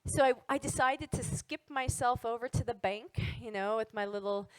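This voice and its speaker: A woman who teaches wellness, telling a personal story to an audience in an animated, casual way. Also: fairly high pitch, normal speed, no room sound, poor audio.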